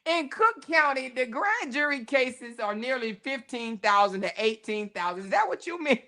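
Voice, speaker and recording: A woman hosting a casual livestream, reading chat comments aloud and reacting with frequent laughter and animated, slangy talk. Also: high voice, normal speed. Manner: animated, laughs often, African American Vernacular English.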